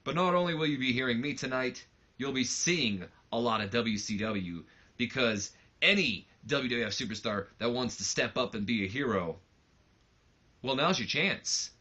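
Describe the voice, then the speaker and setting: A man's voice: mid-range voice, normal speed, sharp tone, highs cut off. A man reading out the lines of a brash, cocky young male wrestling promoter in a sneering, boastful promo voice.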